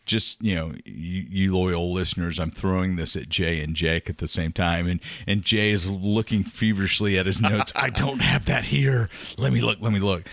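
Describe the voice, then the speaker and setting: A man with a very low voice hosts a casual podcast, talking up his favorite spots with lively enthusiasm and ribbing his co-hosts. His voice sits close and dry on the mic, with no room around it. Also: dry recording. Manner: chatty, enthusiastic, teasing. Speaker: podcast host. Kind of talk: casual chat.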